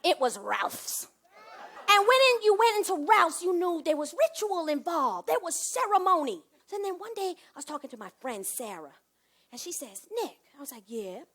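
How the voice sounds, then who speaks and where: A woman performing a comic one-woman stage monologue, animated, swinging from hushed asides to loud bursts. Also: extremely high pitch, normal speed.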